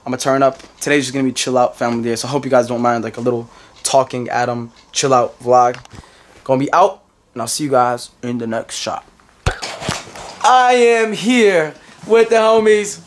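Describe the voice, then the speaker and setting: A man's voice: mid-range voice, little pitch movement, fast talker, slight background noise. A young man in his twenties with a New York accent, telling a rambling story to camera in a casual vlog, repeating himself and laughing often. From United States. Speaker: vlogger.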